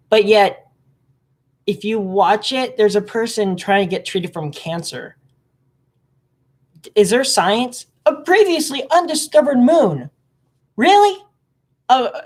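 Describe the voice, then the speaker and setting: A woman giving a casual, rambling reaction commentary as a space fan. She is sarcastic, leaps into high disbelieving tones, and trails off into quiet mumbled fillers. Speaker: space enthusiast reacting to a film.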